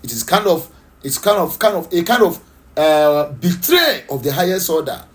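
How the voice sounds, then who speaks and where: A man's voice: on the high side, expressive, moderate pace. A man with a Nigerian accent giving impassioned political commentary, emphatic and repetitive, with frequent fillers and rhetorical questions. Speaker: political talk show host.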